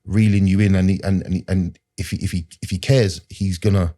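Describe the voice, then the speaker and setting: A man tells his own story as a podcast guest. His voice sits low and mellow, and he talks in an earnest, rambling way. He is full of street slang and keeps repeating himself with "like" and "do you know". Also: fairly even intonation, fairly quick. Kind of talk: personal story in conversation.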